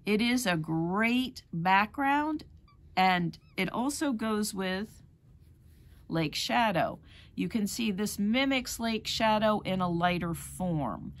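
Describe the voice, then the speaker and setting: Slow-talking woman teaching a craft. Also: medium pitch, animated. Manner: chatty, explains fabric colors one by one. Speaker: rug hooking teacher. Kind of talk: demonstration lesson.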